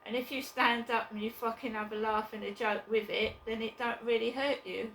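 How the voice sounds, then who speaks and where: A woman vlogging from her flat, chatting casually and bluntly in a rambling way, with occasional swearing. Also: on the high side, moderate pace, echoey room, slight background noise, poor audio. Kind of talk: casual chat to camera.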